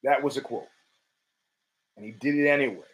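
This podcast host, speaking in a mid-range voice at normal speed, tells rambling, profane stories in a casual monologue. He restarts frequently and breaks into emphatic bursts, all captured in poor audio.

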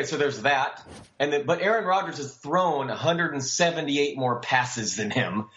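A man's voice: medium pitch, a bit bright, highs cut off. A young man co-hosting a podcast in casual chat, teasing his partner and tripping over his words as he starts sentences. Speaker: podcast co-host.

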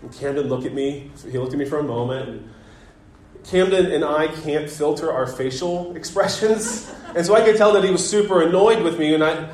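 A man in his thirties preaching a sermon as pastor, telling a family story in a relaxed, conversational way with gentle self-deprecating humor. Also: fairly high pitch, moderate pace, a little hiss or hum. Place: church sanctuary. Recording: echoey church sanctuary.

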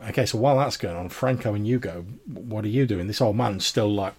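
A man's voice: lowish voice, fairly quick, darkish tone, slight background noise. A man narrating as game master of a tabletop role-playing game, rambling with lots of fillers.

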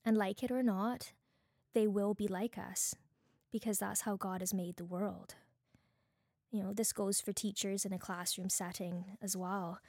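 A woman's voice: mid-range voice, darkish tone, no room sound, studio quality. A woman hosting a podcast, speaking in an earnest, conversational way with occasional fillers. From Canada. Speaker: podcast host. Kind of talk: casual podcast talk on faith and parenting.

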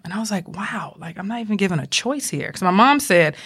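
A young adult woman with a Southern accent, a police officer telling her story in a casual interview, animated and quick to laugh. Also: medium pitch, breathy edge. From Georgia, US. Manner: animated, talks with her hands, laughs often.

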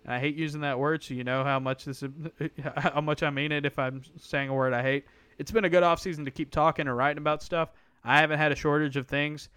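A man co-hosting a sports podcast, slightly high voice. He talks in an animated, sarcastic way and keeps slipping into mock outrage. The sound is dry and close. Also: fast talker, clean tone, no echo. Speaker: podcast co-host. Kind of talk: casual sports chat.

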